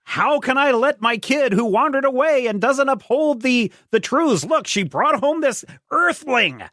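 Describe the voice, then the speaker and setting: A man doing a shrill, furious old hag woman who shrieks high above his normal register. The voice stays dry and close, with no room sound at all. It comes off as a quick comic sketch of a scolding crone. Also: animated, a bit bright, no room sound, heavily acted. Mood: indignant. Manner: indignant, shrieking.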